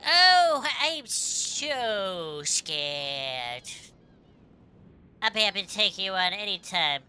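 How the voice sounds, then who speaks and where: A woman's voice: medium pitch, fast talker, bright, forceful tone, a little hiss or hum, pitched above the performer's own voice. A woman voicing a brash, cocky young female thief from a game, tough and slangy, reading the dialogue aloud.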